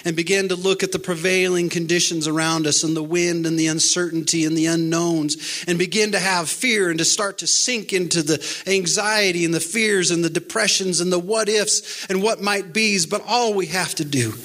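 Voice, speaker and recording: A man with a bright, clear-edged voice preaches an encouraging sermon, reciting scripture with earnest conviction. His voice sits a little higher than most men's. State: pandemic-era address. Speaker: pastor.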